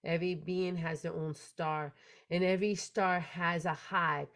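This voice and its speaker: A woman hosting a spiritual podcast, telling a personal story in an earnest, animated way. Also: lowish voice, measured pace. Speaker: podcast host.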